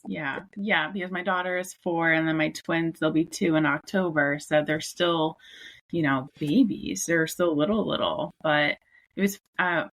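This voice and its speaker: A woman in her thirties speaks as a podcast guest in a bright, somewhat lower voice. She talks easily and conversationally, filling gaps with "like" and "you know". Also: steady tone, a little slow. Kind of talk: casual podcast chat.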